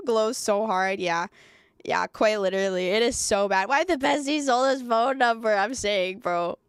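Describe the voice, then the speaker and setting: A woman streamer reacting live, animated and sarcastic, laughing often and stammering through restarts. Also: mid-range voice, normal speed, clear, resonant tone, no room sound, studio quality. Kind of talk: livestream reaction commentary.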